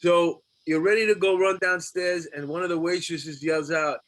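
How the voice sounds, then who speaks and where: Animated New man telling stories. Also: fairly high pitch, moderate pace. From New York. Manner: animated storyteller, acts out voices. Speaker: guest comedian. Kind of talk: casual storytelling.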